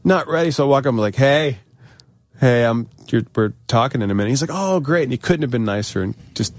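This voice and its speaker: A man's voice: mid-range voice, quick pace, no room sound, clean studio sound. A man co-hosting a podcast, telling stories in casual, enthusiastic chat. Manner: enthusiastic storyteller. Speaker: podcast co-host.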